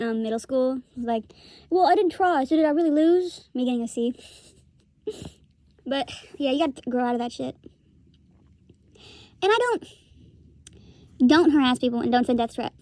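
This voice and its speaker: A woman's voice: high-pitched, dark tone, no room sound. A young woman giving a rambling, profane commentary rant, laughing often as she talks. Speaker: streamer commentator.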